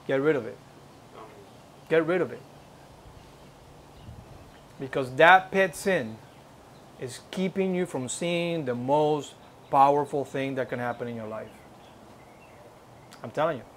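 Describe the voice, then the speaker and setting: A man's voice: a little high, moderate pace, slight background noise. A man telling a personal testimony at a church service, reenacting the dialogue and urging listeners on earnestly. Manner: earnest, exhorting. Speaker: church speaker giving a testimony.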